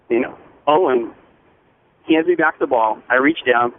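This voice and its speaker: A man eagerly telling a proud story as a phone-in guest, earnest and rushing, restarting his sentences. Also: medium pitch. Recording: tinny phone line with faint noise.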